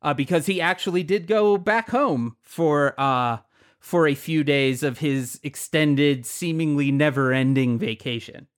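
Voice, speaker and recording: A man's voice: fairly high pitch, measured pace, clean tone. A man co-hosting a podcast, talking politics in a blunt, indignant and profane way. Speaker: podcast co-host. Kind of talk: casual political chat.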